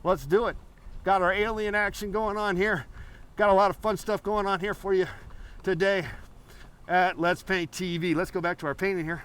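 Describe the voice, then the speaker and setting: A man's voice: high-pitched, fairly even intonation, moderate pace, a bit bright, smooth. A man hosting a live call-in painting show, rambling playfully with many fillers.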